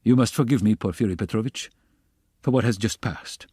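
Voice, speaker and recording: A man's voice: fairly low pitch, brisk, dark tone, breathy edge, no room sound. A tense, sardonic young student, as a male audiobook reader plays him, keeping his replies cool and cutting. The voice is close and dry. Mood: sarcastic. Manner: sarcastic, guarded, cool. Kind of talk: audiobook character reading.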